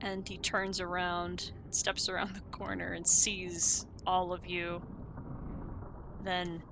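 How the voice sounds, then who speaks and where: A woman narrating a tabletop game as game master, describing scenes in an unhurried way. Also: lowish voice, completely flat delivery, gravelly. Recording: noisy home recording.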